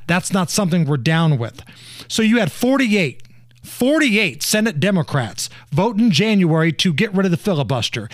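A man's voice: high voice, no echo. A man hosting political commentary, talking with heavy, mocking sarcasm. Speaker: show host.

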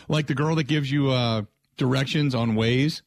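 A man's voice: mid-range voice, gravelly, no echo. A man hosting a sports talk radio show, chatting loosely with restarts and asides. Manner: rambling, frequent restarts and filler asides.

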